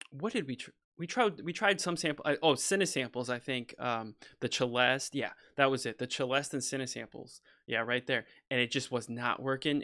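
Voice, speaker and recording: Man, bright tense voice, casual livestream chatter, rambling, opinionated, lots of restarts, home studio. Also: medium pitch. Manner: rambling, restarts often, says "freaking" and "you know"; opinionated, goes off on a soapbox. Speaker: composer streaming a session. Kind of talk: casual livestream talk while working.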